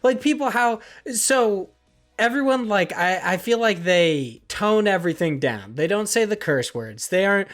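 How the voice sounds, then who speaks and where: Podcast cohost just rambling along, mid-pitched voice, cusses a lot, super casual. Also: expressive, moderate pace, soft background music. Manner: rambling, swears freely. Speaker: podcast co-host.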